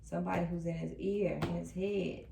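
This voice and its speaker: A woman reading tarot cards for her viewers, repeating the messages she channels with emphatic, animated delivery. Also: lowish voice, moderate pace, creaky, noisy background. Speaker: tarot reader. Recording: echoey room, a bit distant from the mic.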